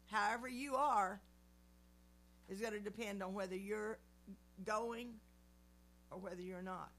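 A woman's voice: medium pitch, fairly even intonation, unhurried, pauses often, fairly bright tone. A woman in her seventies praying and giving an earnest devotional teaching. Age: 70s. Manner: earnest, preacherly. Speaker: Christian speaker.

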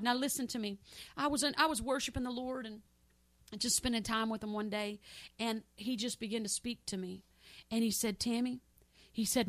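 A woman preaching a sermon with fervent, repetitive emphasis, swinging between loud exclamations and soft pleading prayer. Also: a little high, fairly even intonation, moderate pace, no echo. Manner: fervent, repetitive, addresses listeners as saints.

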